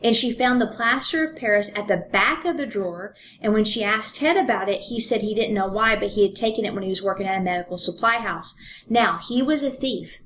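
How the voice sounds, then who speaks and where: A woman's voice: medium pitch, brisk, a bit bright, slight background noise. Chatty woman retelling a story. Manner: conversational, reads passages aloud with fillers. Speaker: podcast co-host. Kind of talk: casual true-crime retelling.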